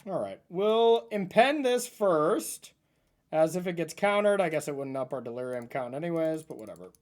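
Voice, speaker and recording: Lively man casually commentating his game. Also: fairly high pitch, normal speed. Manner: thinks aloud about his plays, relaxed and chatty. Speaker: streamer playing a card game.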